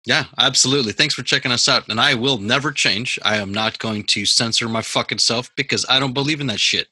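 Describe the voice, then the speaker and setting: A man's voice: mid-range voice, brisk, sharp tone, husky, dry recording. A man hosting a podcast over a video call, talking bluntly and emphatically and cursing heavily in casual chat. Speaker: podcast host.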